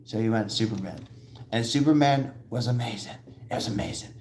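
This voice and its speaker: A man hosting a live show, talking in rambling, excitable casual commentary and acting out quoted voices as he goes. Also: fairly low pitch, fairly quick.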